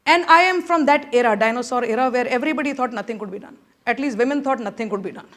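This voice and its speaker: A middle-aged woman speaks to a conference audience in a high, bright voice. She delivers a motivational speech with animated energy, coaxing her listeners again and again to join in. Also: quick pace. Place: conference room.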